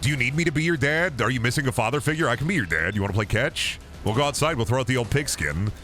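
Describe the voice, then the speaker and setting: A man's voice: medium pitch, lively intonation, quick pace, a bit bright, faint music behind. A man streaming a game, rambling and joking crudely with lots of swearing. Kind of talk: casual gaming stream chatter.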